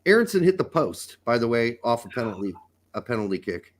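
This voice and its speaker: A man's voice: medium pitch, big pitch swings, brisk. A middle-aged man co-hosting a casual podcast, riffing in joking, profane banter. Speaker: podcast co-host. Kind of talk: casual chat.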